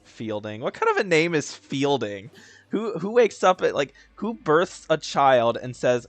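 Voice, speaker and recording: A man's voice: on the high side, big pitch swings, a little slow, no echo. A laid-back man giving casual gameplay commentary, swearing and joking as he plays. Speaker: let's player.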